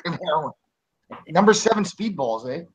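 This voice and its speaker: High lively joking man. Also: normal speed, slightly rough, dull audio. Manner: loud joking interjections, profane. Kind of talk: casual group chat. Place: online voice call.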